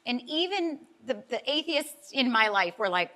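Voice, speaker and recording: A woman's voice: a little high, big pitch swings, normal speed, hardly any pauses, pushed and bright. A middle-aged woman, a life coach guest, telling an emotional personal story in a talk-show interview, earnest and heartfelt and close to tears at times.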